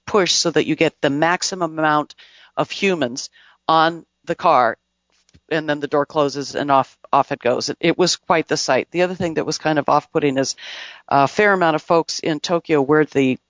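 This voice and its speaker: A man's voice: on the high side, a bit bright, no room sound. A man hosting a casual talk show, rambling conversationally through travel stories and news items with restarts and asides. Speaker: podcast host. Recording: dull, dry lo-fi recording.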